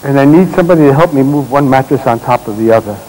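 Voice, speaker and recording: A male therapist works through a live demonstration on a conference stage, giving short, calm commands and then turning to explain what he sees. His pitch sits in an ordinary middle range, and a faint hiss runs under the recording. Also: fast, poor audio. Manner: gentle, directive coaching with short commands. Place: stage at a congress.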